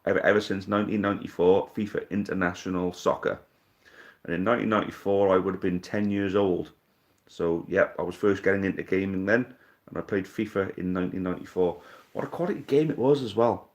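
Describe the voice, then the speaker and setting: A man's voice: sits low, steady tone, brisk. A man in his thirties hosting a live stream, casually reading out viewer comments and answering in a blunt, jokey, sweary way. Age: 30s. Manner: laid-back, blunt and jokey, swears freely.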